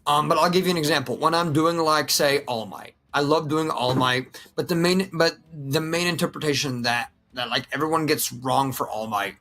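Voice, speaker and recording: A man's voice: fairly high pitch, normal speed, hardly any pauses, sharp tone. A man in a casual voice chat, explaining character voices with frequent fillers. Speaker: voice chat caller. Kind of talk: casual chat about voice acting.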